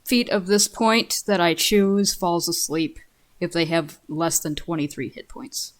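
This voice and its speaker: Woman, tabletop player, low-ish steady voice. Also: measured pace. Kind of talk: casual tabletop game chat.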